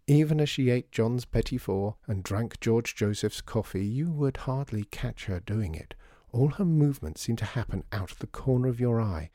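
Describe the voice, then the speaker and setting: Expressive male storybook narrator. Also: fairly low pitch, no echo, clean studio sound. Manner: expressive, measured. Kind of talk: storybook reading.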